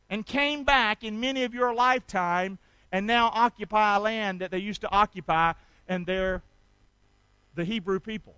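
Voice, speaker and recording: High, bright-voiced preacher. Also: male voice, normal speed, smooth, dry recording, rough recording. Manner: call-and-response, urging the congregation to repeat after him; emphatic, swinging between loud exhortation and quiet asides. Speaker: pastor. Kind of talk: sermon.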